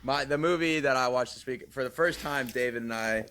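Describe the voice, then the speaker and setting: A man's voice: mid-range voice, brisk, sharp tone, clear, resonant tone. Easygoing man chatting about movies. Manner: easygoing, hesitant, lots of restarts and fillers. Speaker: podcast co-host. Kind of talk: casual movie podcast chat.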